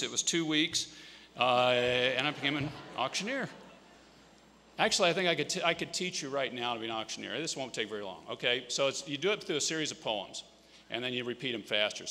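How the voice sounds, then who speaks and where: A man's voice: high-pitched, gravelly, sharp tone. A middle-aged man from Kansas, a state governor giving an earnest conference speech in a folksy storytelling manner. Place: large conference hall. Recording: echoey conference hall.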